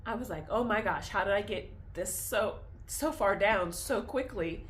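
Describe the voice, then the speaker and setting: A woman's voice: medium pitch, moderate pace, a little hiss or hum. A young woman talks candidly in a personal vlog, confessional and tearful, laughing through tears as her feelings swing back and forth. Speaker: vlogger.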